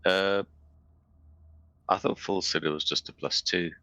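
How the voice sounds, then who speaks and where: Very deep gravelly bright-toned player. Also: male voice, steady tone, a little slow, no room sound. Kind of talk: casual tabletop game chat.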